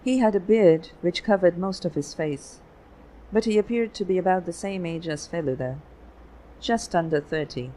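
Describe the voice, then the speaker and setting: An audiobook narrator reading a story in a steady, unhurried way. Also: mid-range voice, a little hiss or hum, rough recording. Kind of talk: scripted narration.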